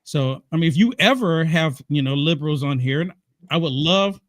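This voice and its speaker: A man's voice: a little high, expressive, normal speed, no room sound. Earnest guy on a political talk show, dry close sound. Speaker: guest. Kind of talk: casual political chat.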